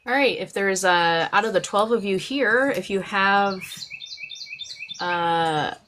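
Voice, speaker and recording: A woman's voice: mid-range voice, takes it slowly, a bit bright, a little hiss or hum. A woman hosting a casual live stream chat, rambling with many fillers and restarts.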